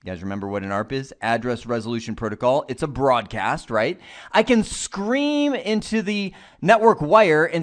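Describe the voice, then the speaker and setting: A man teaching an online networking lesson, animated and playful, who acts out examples as he explains. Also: medium pitch, normal speed. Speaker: IT instructor.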